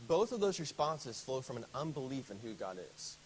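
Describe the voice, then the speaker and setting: A man's voice: mid-range voice, sing-song, brisk, a little mellow, a little hiss or hum, poor audio. A man teaching a Bible study class in a casual, conversational way, often asking the group questions.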